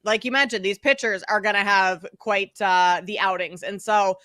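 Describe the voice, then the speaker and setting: A woman's voice: mid-range voice, steady tone, normal speed, a bit bright, no room sound. A woman co-hosting a sports betting show, chatting in an easygoing, self-deprecating way. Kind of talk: casual sports betting chat.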